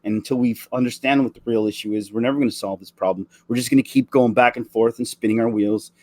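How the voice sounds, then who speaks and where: A man's voice: medium pitch, fairly even intonation, darkish tone, no room sound. Guy, 40s, impassioned vlog rant, stop-start delivery, dry close recording. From Canada. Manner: earnest, emotional, halting with many restarts. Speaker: vlogger.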